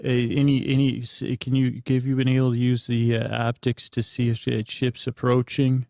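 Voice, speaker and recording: A middle-aged man rambling through an improvised bedtime story, halting and restarting often. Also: medium pitch, flat delivery, gravelly, warm tone, no echo, clean studio sound. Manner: meandering, halting, with many restarts. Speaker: bedtime podcast host.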